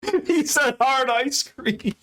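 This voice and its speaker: A man's voice: fairly high pitch, animated, brisk, background noise. Laid-back man reacting with laughs. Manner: repeats punchlines, laughing. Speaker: reaction video host. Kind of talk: casual reaction commentary.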